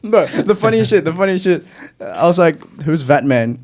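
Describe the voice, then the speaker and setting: A young man, co-hosting a podcast and telling animated stories through laughter. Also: sits high, moderate pace. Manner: animated storyteller, laughs often. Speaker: podcast co-host. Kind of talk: casual chat.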